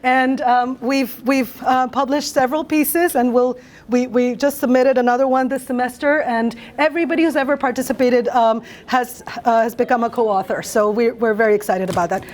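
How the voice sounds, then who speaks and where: A native Bengali-speaking woman in middle age presents her academic research. Her voice sits a little high, and she talks thoughtfully and earnestly, pausing on fillers and restarting her phrases. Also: steady tone, darkish tone.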